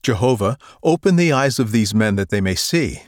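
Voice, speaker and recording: A man's voice: mid-range voice, lively intonation, moderate pace, no echo, clean studio sound, natural voice. A man reading the lines of a solemn, commanding old prophet in a grave, earnest scripture reading.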